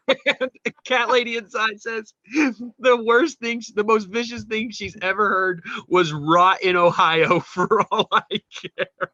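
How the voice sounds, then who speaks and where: Man, podcast co-host, bright voice, slightly high, animated, dull dry recording. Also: slow pace, no echo. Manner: animated, swearing, mimics quoted people. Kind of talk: casual chat reading memes.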